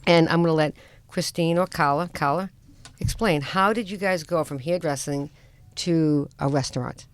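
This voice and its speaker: A woman's voice: low-pitched, moderate pace. A middle-aged woman with a Boston accent, hosting a radio talk show in a chatty, joking way. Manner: chatty, jokey, teasing. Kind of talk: casual chat.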